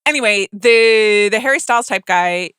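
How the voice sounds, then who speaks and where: Bright, smooth-voiced woman chatting casually. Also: medium pitch, normal speed, no room sound, studio quality. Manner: chatty, hesitant, many fillers and restarts. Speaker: podcast host. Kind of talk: casual chat.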